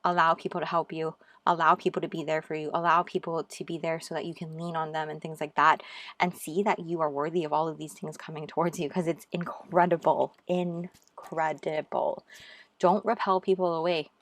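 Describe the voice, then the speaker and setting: A woman with a low voice reads tarot cards for her viewers in a casual, gushing way. She keeps encouraging them and talks to them as "you guys.". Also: level tone, a little fast, fairly bright tone. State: out of breath. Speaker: tarot reader. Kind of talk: casual tarot reading to camera.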